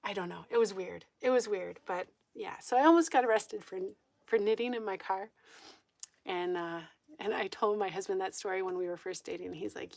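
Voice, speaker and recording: A woman hosting a homestead live stream, telling a story in casual chat, animated, laughing often and acting out what people said. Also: medium pitch, normal speed, vocal fry, dry recording. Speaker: homestead channel host. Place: at home.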